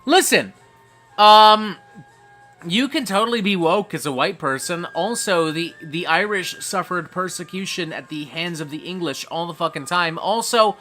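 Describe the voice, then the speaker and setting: A man hosting a live stream and reading chat aloud, tipsy and getting drunker, profane, swinging from low mumbles to hyped shouts. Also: expressive, normal speed, faint music behind. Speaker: livestream host reading chat.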